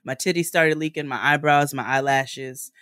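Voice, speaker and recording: A woman's voice: deep voice, fairly even intonation, normal speed, a bit bright, clean tone, no echo, clean studio sound. A woman co-hosting a casual chat podcast, telling stories with blunt, exaggerated comedy. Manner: blunt, exaggerating comic storyteller. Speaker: podcast co-host.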